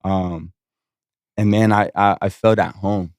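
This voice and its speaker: A man with a somewhat low voice chats on a podcast, rambling through stories laced with swearing. He acts out what others said as he goes. The sound is dry and close. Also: fairly even intonation, takes it slowly, no echo. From Las Vegas. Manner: rambling storytelling, swears a lot, acts out quotes. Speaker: podcast guest, strip club host. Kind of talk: casual podcast chat.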